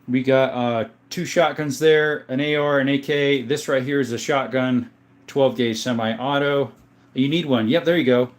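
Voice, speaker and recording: A man in his thirties from the US, chatting casually on a livestream, reading viewer comments and answering in a folksy, relaxed way. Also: mid-range voice, moderate pace. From USA. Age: 30s. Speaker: gun collector livestreaming.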